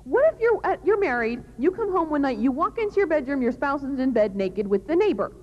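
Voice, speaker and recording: A woman's voice: high-pitched, sing-song, fairly quick, a little mellow. A woman giving a live talk to an audience, telling a story and asking them rhetorical questions. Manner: addresses the audience directly. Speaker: public speaker on love and marriage. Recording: dull, lo-fi recording.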